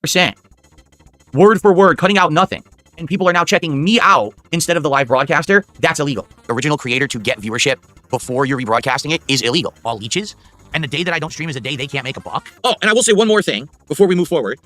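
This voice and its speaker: A man streaming live, talking in a rambling, defiant monologue to his chat that often drops to a low mutter. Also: expressive, fast talker, sharp tone. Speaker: livestreamer.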